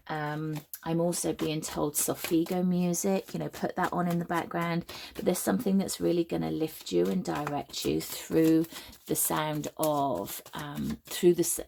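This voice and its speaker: A woman from the UK giving a spoken tarot reading, with a slightly croaky voice and a soft, halting manner full of ums and restarts. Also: deep voice, slight background noise. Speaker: tarot reader.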